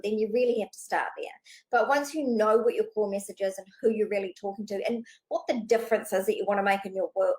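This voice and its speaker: A woman business coach speaking unscripted straight to camera, talking fast and animated, casual and swearing freely. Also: mid-range voice, rough recording.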